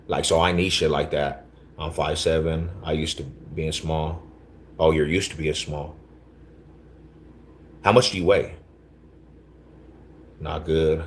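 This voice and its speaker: Laid-back slangy man with a very low voice. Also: steady tone, slow, long pauses, a little hiss or hum. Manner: laid-back slangy street talk, repeats himself. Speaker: livestream host. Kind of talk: casual livestream chat, reading chat.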